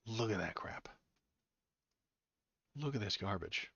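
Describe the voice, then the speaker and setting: A low-voiced man hosting a casual livestream, ranting with sarcastic disgust and joking with his chat. His voice is dry and close, with no room sound. The audio is a bit dull and muffled. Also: expressive, slow, creaky, pushed and bright, slightly rough, dry recording. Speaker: political livestream host.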